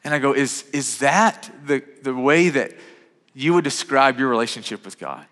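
A man's voice: medium pitch, animated, normal speed, a bit bright. A man in his thirties preaching a sermon in a conversational way, often restarting and repeating words. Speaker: pastor. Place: church sanctuary. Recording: reverberant hall.

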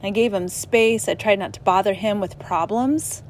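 A middle-aged woman giving an earnest personal testimony at church, halting now and then as she restarts. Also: medium pitch, slight background noise.

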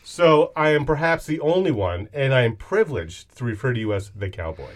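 A man's voice: medium pitch, sing-song, fairly quick. Playful male podcast co-host. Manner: playful, jokey storytelling. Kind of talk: casual chat.

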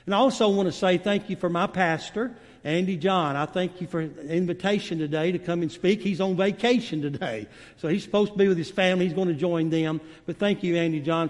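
Male preacher; high-pitched and folksy, miked in a big, reverberant sanctuary. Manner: warm, folksy storytelling with many fillers. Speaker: guest preacher. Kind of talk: sermon. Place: church sanctuary. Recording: long reverb of a church hall.

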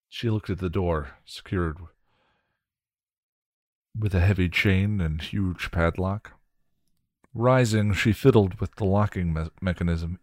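Deep-voiced man reading a story. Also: slow pace, long pauses, no echo, clean studio sound. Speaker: story reader.

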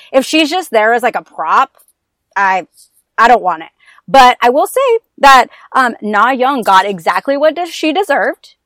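A woman with a fairly high voice talks about dramas in a sassy, emphatic way. She tells scenes like stories, acting them out as she goes. The sound is dry and close, with no room echo. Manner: animated storyteller who acts out scenes. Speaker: podcast guest. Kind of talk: casual chat about TV dramas.

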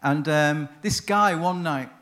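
A man with a fairly high, slightly bright voice speaks slowly while giving a conference seminar on chaplaincy. He tells a story in a chatty, anecdotal way, often interrupting himself.

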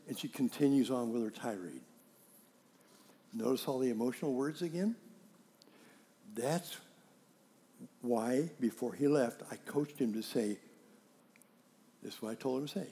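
A middle-aged man preaching a sermon, telling stories and acting out dialogue with animated emphasis. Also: mid-range voice, unhurried, long pauses. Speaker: pastor.

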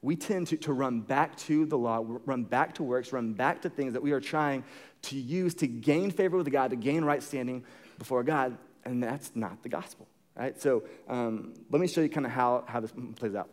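A man's voice: mid-range voice, normal speed. A young adult man preaching a sermon as a pastor, conversational and jokey, full of fillers and restarts. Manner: jokey storytelling.

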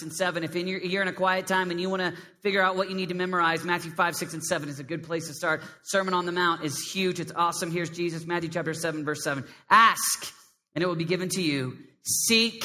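A man preaching a lively sermon to a young congregation, with a high, squeaky voice, swinging between loud emphasis and hushed prayer. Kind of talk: live sermon to a youth congregation. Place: large hall with a live crowd. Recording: long hall reverb.

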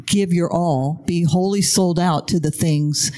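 A participant in a faith-sharing discussion, speaking in a measured, deliberate way with filler pauses. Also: medium pitch, warm tone. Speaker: Bible study participant.

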